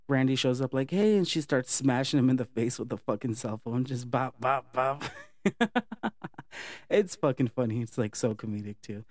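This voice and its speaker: A man talks through a horror film's plot in a loose, profane, laid-back way, tossing in quick impressions of the characters. His voice sits at a middle pitch, and the recording is dry and close. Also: darkish tone, no room sound. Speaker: movie recap vlogger. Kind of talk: casual movie recap.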